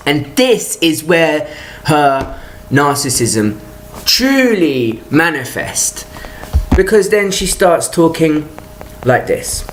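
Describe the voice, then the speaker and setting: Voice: medium pitch, very animated, slow, slight background noise. A vlogger telling a personal grievance in an exasperated, profane rant, talking in stop-start bursts and restarts. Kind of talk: ranting personal vlog.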